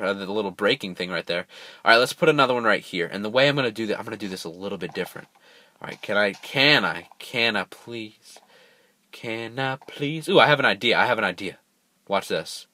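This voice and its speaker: A man's voice: lowish voice, bright, forceful tone, no room sound. A young man giving casual let's play commentary, chatting to viewers and bursting out in frustration when the game goes wrong. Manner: chatty, talks to viewers, erupts in frustrated outbursts. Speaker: gameplay commentator.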